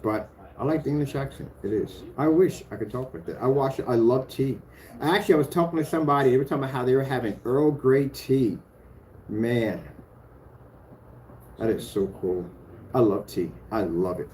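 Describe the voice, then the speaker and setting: Scrolling through his demos, the projector screen paint maker rambles boastfully, hums filler, and throws challenges at rivals. His voice is mid-range and a little mellow, moving at a moderate pace broken by long pauses, with slight background noise.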